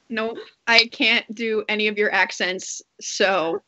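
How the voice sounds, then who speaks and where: A woman's voice: medium pitch, steady tone, slow pace, sharp tone, muffled recording. A woman chatting casually on a tabletop gaming stream, telling little stories with laughing asides. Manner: storytelling with acted quotes, laughing. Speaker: tabletop game player.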